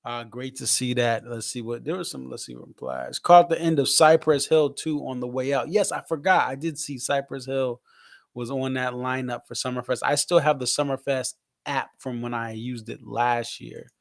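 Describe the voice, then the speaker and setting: Man from connecticut, livestream host, gravelly voice, dry close sound, rambling shout-outs. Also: mid-range voice, fairly even intonation, moderate pace, no echo. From Connecticut, USA. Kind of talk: casual post-show livestream chat.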